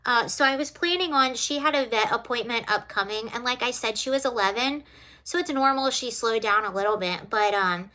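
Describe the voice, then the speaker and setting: A woman's voice: fairly high pitch, fairly quick, bright, forceful tone. A woman hosting a casual livestream, talking to viewers and tearing up as she speaks. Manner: emotional, tearful, talking to viewers. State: tearful. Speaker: livestream host.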